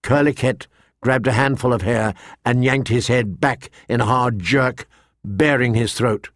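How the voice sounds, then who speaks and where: A man narrating a fantasy audiobook in an even, measured storytelling voice. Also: mid-range voice, no echo, clean studio sound. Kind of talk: scripted narration.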